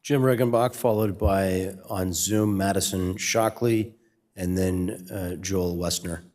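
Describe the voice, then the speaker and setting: A man chairing a council meeting, announcing the next speakers in a brisk, matter-of-fact way. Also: sits low, steady tone, darkish tone. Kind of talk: procedural announcements.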